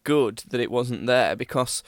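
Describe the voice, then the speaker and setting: A man's voice: medium pitch, a little slow, no echo. A young man chatting on a podcast, reasoning aloud with stammered restarts. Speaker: podcast co-host. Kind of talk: casual podcast chat.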